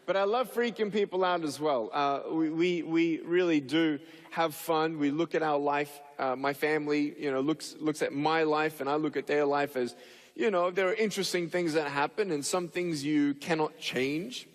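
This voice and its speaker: Animated man telling funny stories. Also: on the high side, moderate pace, big-room sound. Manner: animated, acts out the people in his stories with big voice jumps. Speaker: motivational speaker. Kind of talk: humorous storytelling talk.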